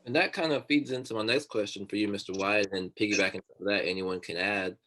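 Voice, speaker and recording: Low-voiced male moderator. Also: fast talker, bright, forceful tone. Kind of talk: panel moderation.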